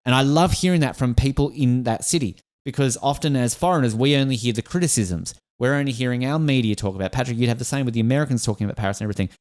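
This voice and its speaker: An Australian man hosting a podcast, talking quickly and eagerly. He gets emotional and stumbles through restarts as he chats in a casual way. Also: medium pitch, a little mellow. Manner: enthusiastic, emotional, many restarts. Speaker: podcast host.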